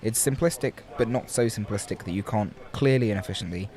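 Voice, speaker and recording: A man's voice: fairly low pitch, fairly quick, a little mellow. A young man commentating live at an outdoor rowing regatta, chatty and playful with wordplay.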